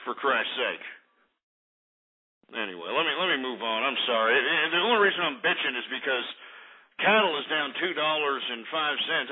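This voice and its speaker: A man from Texas hosting a call-in radio show, ranting loudly and profanely and ending lines with "all right?". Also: fairly high pitch. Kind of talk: brash call-in talk radio. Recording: phone-like lo-fi audio.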